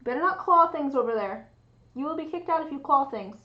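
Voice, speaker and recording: A young woman chats casually on a livestream. She talks in a fairly high voice and slips into a cooing baby voice for her cat. The sound is muffled and lo-fi. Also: lively intonation, fairly quick. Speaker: streamer. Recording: muffled lo-fi stream audio.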